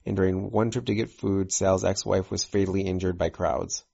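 A man talks through his tabletop game character, filling his explanations with "you know" and "uh". His voice is very deep and gravelly. The recording sounds dull and lo-fi. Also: steady tone, normal speed, warm tone. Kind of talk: casual chat.

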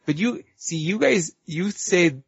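A man's voice: high-pitched, expressive, measured pace, gravelly, husky, no room sound. Talkative man planning aloud, lo-fi audio. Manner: talkative, thinks aloud and plans. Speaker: player. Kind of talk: tabletop role-play session. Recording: dull, lo-fi audio.

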